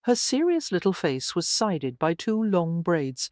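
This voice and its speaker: An audiobook narrator reading a romance novel in a measured, even way. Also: medium pitch, dry recording, studio quality. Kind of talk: scripted narration.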